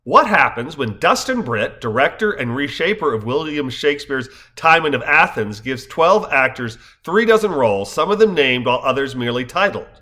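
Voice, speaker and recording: A man's voice: mid-range voice, very animated, normal speed, hardly any pauses, sharp tone. A man in his fifties, a stage actor, giving a wry, scripted narration full of wordplay. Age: 50s. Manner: wry, wordplay-laden storytelling.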